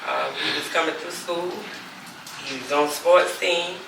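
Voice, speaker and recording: A woman's voice: sits low, steady tone, unhurried, creaky. A mother giving a candid personal testimony for a documentary, acting out the phone calls she recounts in quoted dialogue. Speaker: mother telling her story. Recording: echoey room, distant mic, background noise.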